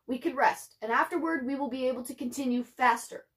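Woman doing a patient father, calm, gentle, quiet, storybook. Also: sits high, brisk.

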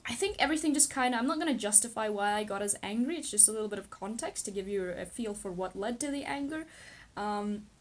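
Candid rambling young woman vlogger. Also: a little high. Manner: candid, rambling, many fillers and restarts. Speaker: wellness vlogger. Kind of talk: casual personal storytelling.

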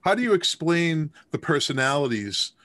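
A man's voice: fairly high pitch, sing-song, normal speed, fairly bright tone, dry recording. A man hosting a podcast interview, asking chatty questions. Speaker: podcast host. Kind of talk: casual interview.

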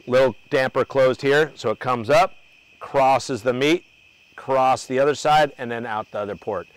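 A man's voice: mid-range voice, low-quality recording. A man hosting an outdoor cooking demo at a grill, talking loosely and joking with his crew and the viewers. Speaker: cooking show host.

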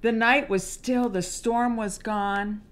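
A preschool teacher reading a picture book aloud to young children, gently pointing out the pages. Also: female voice, fairly high pitch, steady tone, slow. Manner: gentle, explaining pages to little ones.

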